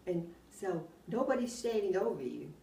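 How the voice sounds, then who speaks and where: An older woman, telling rambling anecdotes in a casual, animated way and often laughing as she talks. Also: mid-range voice, normal speed, creaky. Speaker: oral history interviewee. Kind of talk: casual storytelling. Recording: roomy, distant mic, faint background hum.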